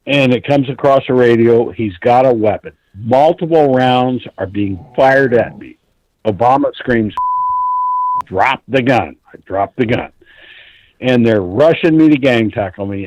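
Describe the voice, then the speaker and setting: A man's voice: medium pitch, darkish tone, no echo, poor audio. A man calling in to a talk show, telling a long story in an intense, rambling way and swearing often. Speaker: caller.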